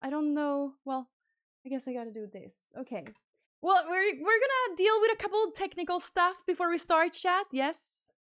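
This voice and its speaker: A young woman streaming live, chatting casually and squealing excited thanks to donors. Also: very high-pitched, normal speed, no room sound, studio quality.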